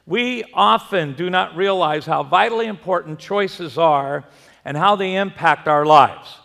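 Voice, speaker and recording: A male pastor with a high, gravelly voice delivers a sermon in a church. He tells stories in a folksy way and puts questions to his listeners. Long reverb from the hall trails each phrase. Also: a little slow, fairly bright tone. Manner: folksy storyteller, asks the congregation questions. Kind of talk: sermon with storytelling.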